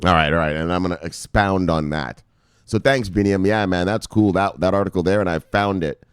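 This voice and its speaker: A man hosting a casual crypto news live stream, reading out viewer names with loud shout-outs, swearing freely and rambling in a chatty way. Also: deep voice, a little fast, clear, resonant tone, dry recording, studio quality. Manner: animated, swears freely, shouts "bang" at each name. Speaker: crypto news show host.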